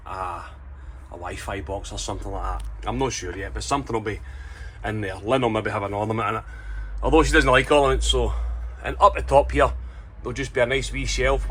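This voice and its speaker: A man's voice: on the low side, fairly bright tone, slight background noise, rough recording. A Scottish man chatting casually as he explains his work inside a van he is converting. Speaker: vlogger building a campervan. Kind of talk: casual walkthrough vlog.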